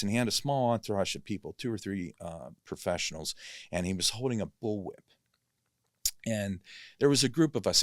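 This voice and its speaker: In a podcast studio with no echo, a guest actor with a lowish, creaky voice rambles casually through a long story. He often corrects himself and plugs pauses with "you know."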